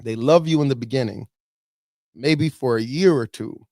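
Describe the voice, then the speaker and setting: A man's voice: medium pitch, moderate pace, warm tone, no echo, clean studio sound. A man giving fervent, preachy commentary, getting teary-eyed and repeating himself for emphasis. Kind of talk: emotional commentary.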